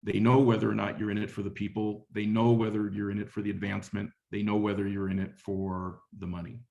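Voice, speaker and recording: A man's voice: fairly low pitch, level tone, fast, creaky, a little mellow. A middle-aged man giving a webinar talk on leadership, telling a story in a conversational way and often repeating phrases. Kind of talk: motivational talk with anecdote.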